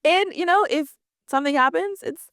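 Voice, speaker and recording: A woman's voice: extremely high pitch, moderate pace, a bit bright, no room sound, clean studio sound. A woman hosting a casual podcast interview, asking questions in an upbeat, playful way. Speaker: podcast host.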